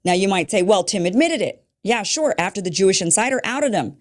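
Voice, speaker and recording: A woman's voice: medium pitch, lively intonation, a little fast. A woman hosting a show, giving political commentary in a pointed, rhetorical manner. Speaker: show host.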